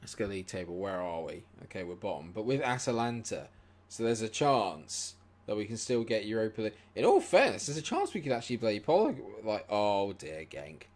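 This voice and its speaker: A man streaming a football management game, muttering, then shouting and swearing at the match. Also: fairly low pitch, sing-song, fairly quick. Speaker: gaming streamer. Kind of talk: live gameplay commentary.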